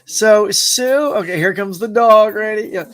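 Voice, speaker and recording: Friendly and upbeat, this live stream host has a high, slightly bright voice and an unhurried delivery. He laughs a lot, reads comments out loud, and welcomes every viewer by name during the casual broadcast.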